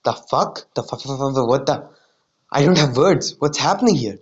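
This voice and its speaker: A man's voice: medium pitch, animated, moderate pace, highs cut off, natural voice. A man voicing Madara, a cursing baffled warrior. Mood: shocked. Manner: swearing in disbelief.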